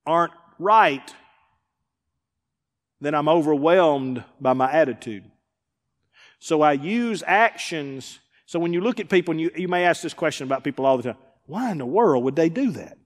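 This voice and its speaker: A man preaching as a pastor, who acts out the people he quotes and swings between loud and hushed delivery. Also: a little high, a little slow, long pauses, big-room sound. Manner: preacher acting out quoted voices, rising and dropping in volume. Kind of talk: sermon. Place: church sanctuary.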